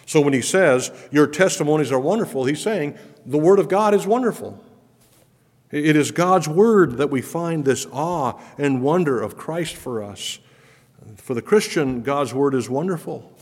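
A man's voice: on the high side, animated, a little slow, a little mellow. A man preaching a sermon as pastor, earnest and emphatic, with his voice swelling when he speaks of wonder and awe. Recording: long hall reverb.

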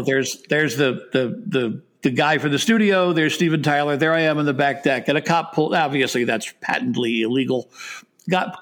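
A middle-aged man with a slightly higher voice telling rambling anecdotes on a chat show. He talks in a self-deprecating way, stumbles over restarts and laughs at his own stories. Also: a bit bright. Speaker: guest. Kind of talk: anecdotal storytelling.

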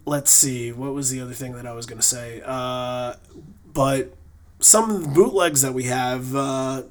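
A man co-hosting a podcast in casual chat. His voice sits at an everyday medium pitch. He rambles loosely, restarting sentences and filling pauses as he goes. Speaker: podcast co-host. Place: lives in New England.

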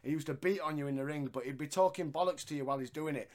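A man's voice: fairly high pitch, racing. A man co-hosting a casual wrestling review, laughing often and swearing freely. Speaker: podcast co-host.

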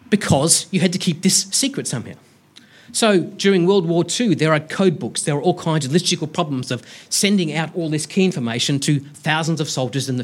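A man telling a humorous story in a public science lecture, with lively self-deprecating asides. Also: fairly high pitch. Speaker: university lecturer giving a public science talk.

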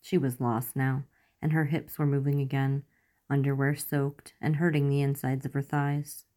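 A woman with a low, dark, mellow voice reads a romance story aloud. Her delivery is measured and soft, steady line by line. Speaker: narrator. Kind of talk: reading romance fan fiction aloud.

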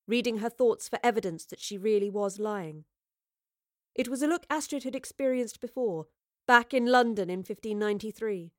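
A woman's voice: mid-range voice, dry recording. Woman narrating an audiobook, dry and close. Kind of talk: scripted narration.

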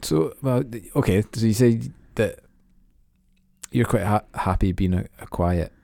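Very deep, gravelly male podcast host. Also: dark tone, no room sound, clean studio sound. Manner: halting, restarts his questions. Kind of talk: interview podcast.

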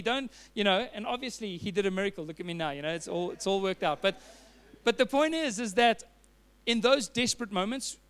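Earnest man preaching, higher voice. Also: a bit bright, smooth. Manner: earnest, personal storytelling with fillers and restarts. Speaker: pastor. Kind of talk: sermon.

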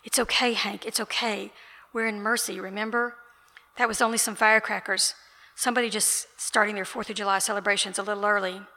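A woman voices a kindly male reverend who pleads gently with a troubled friend. The voice is bright and a little gravelly. It echoes through a large room. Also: medium pitch, flat delivery, fairly quick. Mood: concerned.

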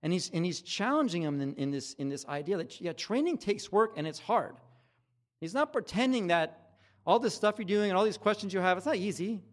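A man's voice: high-pitched, brisk. A middle-aged man preaching a sermon in a conversational way, acting out both sides of the exchanges he retells. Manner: conversational and animated, acting out dialogue. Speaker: pastor.

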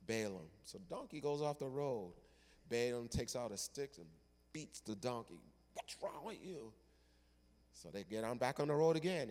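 Man preaching with long church reverb. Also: medium pitch. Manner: dramatic storytelling, swings from loud to hushed. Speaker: pastor. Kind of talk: sermon.

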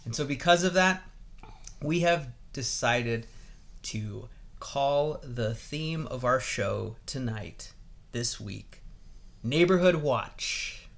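A man opens the show as host, stacking up his points in a steady, repetitive rhythm. His pitch sits in the ordinary middle for a man, with a casual, even delivery. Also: takes it slowly, gravelly. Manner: steady, building lists by repetition.

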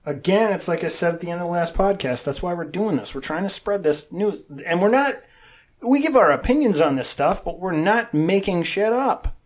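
A man's voice: sits high, lively intonation, moderate pace. A man co-hosting a podcast in casual chat, blunt and opinionated, swearing freely. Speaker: podcast co-host.

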